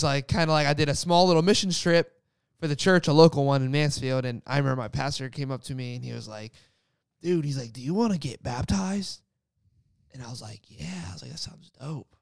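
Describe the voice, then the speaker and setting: A man's voice: medium pitch, brisk, creaky, smooth, no echo, studio quality. A young man casually telling a personal faith story, rambling with lots of "like" fillers. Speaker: guest sharing a faith story. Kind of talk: casual testimony chat.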